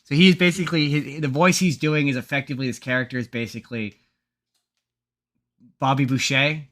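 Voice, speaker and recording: Co-hosting a podcast, a man chats casually and rambles through movie plots, full of fillers and restarts. His medium-pitched, fairly bright voice stays fairly even in intonation and runs a little fast.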